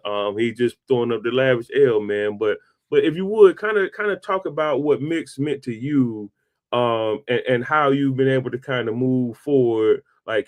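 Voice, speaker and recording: Man in his forties, podcast host, casual storytelling, slangy, says bro a lot. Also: medium pitch. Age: 40s. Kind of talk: casual interview conversation.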